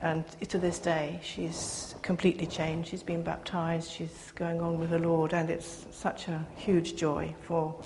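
An older woman giving a personal testimony to a gathering, speaking earnestly with pauses and restarts. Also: sits low, completely flat delivery, a little mellow. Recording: reverberant hall, faint background noise.

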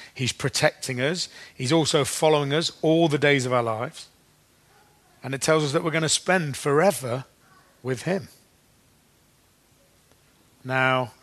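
A man giving a sermon in a conversational way, often restarting his sentences and slowing down to read scripture. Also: medium pitch, fairly bright tone. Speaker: preacher.

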